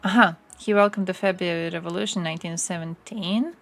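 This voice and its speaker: A woman's voice: lowish voice, fairly even intonation, a little fast, creaky, faint music behind. A young woman from Croatia chatting on a live stream, sarcastic and swearing freely as she reads things out from her screen. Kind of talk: casual live-stream chat.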